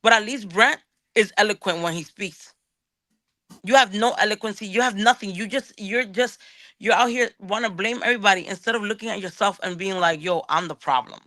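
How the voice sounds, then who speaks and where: Appearing as a guest on a show, a woman rants angrily in a heated call-out, swearing often and restarting words as she gets worked up. Her medium-pitched voice is fairly quick, pushed, and bright, with no echo.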